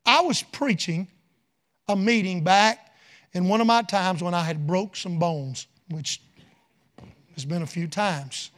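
A middle-aged man preaching a revival sermon full of stories, folksy and rising from quiet asides to loud shouted peaks. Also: sits high, takes it slowly, pauses often.

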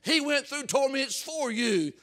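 High-voiced fiery man preaching. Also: animated, a little slow. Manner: swings from hushed to shouted preaching; repeats words for emphasis. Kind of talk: fiery revival sermon.

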